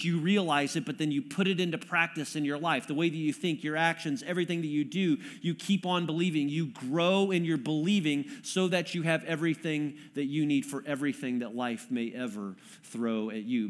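A middle-aged man preaching to his congregation in an earnest, conversational way. He teaches like he is talking with friends and pulls the room in with questions. His voice sits a little higher than most men's. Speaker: pastor. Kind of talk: sermon. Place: church room with audience.

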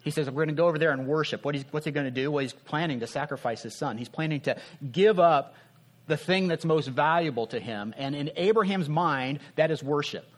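A man preaching a sermon in a conversational way, asking rhetorical questions and dropping his voice softly to make a point. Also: on the high side, a little fast. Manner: earnest, drops soft for emphasis.

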